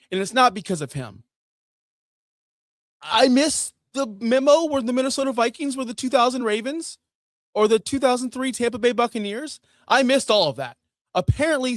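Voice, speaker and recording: A man hosting a fantasy football show, ranting with sarcasm and profanity, jumping between loud outbursts and low muttering. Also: no echo. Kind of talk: ranting sports commentary.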